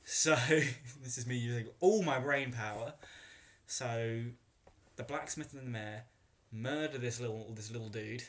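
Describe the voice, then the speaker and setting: A man's voice: mid-range voice, unhurried. A man playing along in a comedic podcast chat, rambling as he thinks aloud. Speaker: player.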